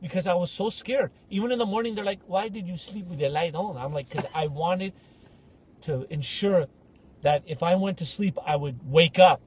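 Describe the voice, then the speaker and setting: A young man co-hosting a podcast, telling animated comic stories and acting out the people in them. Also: sits high, normal speed, background noise. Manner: animated, acts out voices in anecdotes. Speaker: podcast co-host. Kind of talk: casual comedic storytelling.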